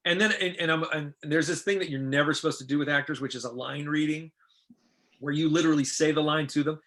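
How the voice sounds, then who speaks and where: Middle-aged guy telling stories in an interview, bright punchy voice, acts out everyone's lines. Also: a little high, fast. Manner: animated, quotes others in lively voices. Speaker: interview guest, film director. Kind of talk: casual anecdotal storytelling.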